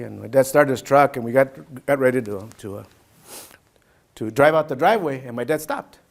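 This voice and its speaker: A man giving a storytelling keynote speech, animated, mixing Spanish phrases into his English. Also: mid-range voice, normal speed, gravelly. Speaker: keynote speaker.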